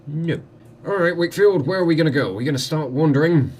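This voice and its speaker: A man's voice: fairly high pitch, animated, quick pace, a little mellow, a little hiss or hum. A man, commenting on a game he plays with wry, joking asides. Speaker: let's play host.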